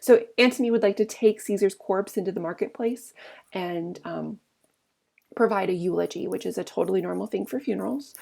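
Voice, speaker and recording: A woman with a mid-range, slightly mellow, creaky voice speaks fairly quickly while teaching a play. In a casual read-aloud lesson, she reads each line aloud, then paraphrases it in plain everyday language.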